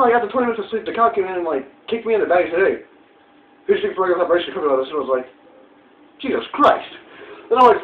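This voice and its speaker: A man telling a rambling, profane story in a casual way and acting out the quoted lines. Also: high-pitched. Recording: tinny echoey distant recording.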